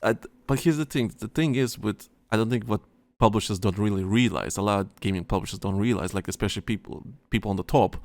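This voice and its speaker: A man with a fairly low voice co-hosts a casual podcast, talking in a loose, rambling way full of fillers and false starts. The sound is dry and close, with no room behind him. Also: dry recording. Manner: rambling, halting, lots of fillers and restarts. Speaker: podcast co-host. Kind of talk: casual chat.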